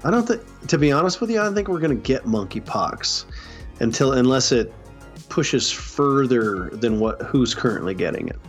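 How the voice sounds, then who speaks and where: A man co-hosting a laid-back podcast, his pitch bouncing up and down as he talks. He cheers his partner on and laughs often. Faint music plays quietly behind. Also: big pitch swings, moderate pace. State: recovering from illness. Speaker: podcast co-host. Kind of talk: casual chat.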